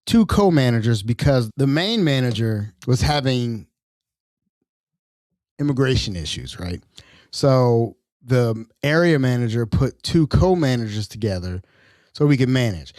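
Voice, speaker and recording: A man's voice: medium pitch, dry recording. Slangy male host on a dry mic. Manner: animated, slangy, acts out quotes in voices. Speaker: podcast host. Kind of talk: casual solo storytelling.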